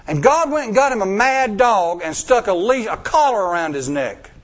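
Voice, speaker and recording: A man's voice: high voice, very animated, normal speed. Dramatic preacher man. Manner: dramatic, acts out voices, swings from loud to hushed. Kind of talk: sermon storytelling.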